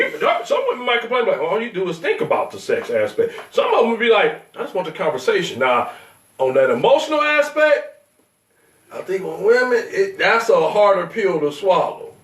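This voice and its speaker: A fairly high-voiced man hosting a loose podcast conversation, blunt and profane, who acts out bits of stories as he goes. His pitch swings widely. He sits well back from the mic in a room with a roomy echo. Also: huge pitch swings, normal speed, a bit bright, far from the mic. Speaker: show host. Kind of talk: casual podcast chat.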